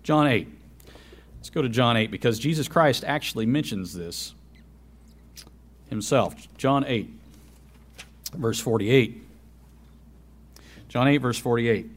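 A man delivering a sermon in a medium-pitched voice. He drops to a near hush, then rises to loud emphasis. He repeats his key phrases for weight. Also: expressive, takes it slowly, pauses often. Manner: dramatic swings between loud and soft, repeats key phrases. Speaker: preacher.

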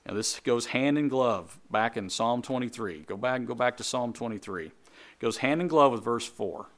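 A man preaching a sermon to a congregation in a conversational way, with jokes, quick asides and repeated phrases. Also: mid-range voice, creaky. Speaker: pastor.

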